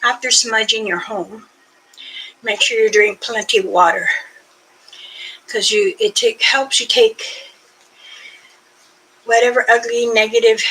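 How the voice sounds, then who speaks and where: An older woman, a spiritual elder, talking casually and offering prayers in a halting, unhurried way with many fillers, a little out of breath. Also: a little high, fairly even intonation, fairly bright tone, faint music behind, poor audio. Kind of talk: casual spoken prayer and talk.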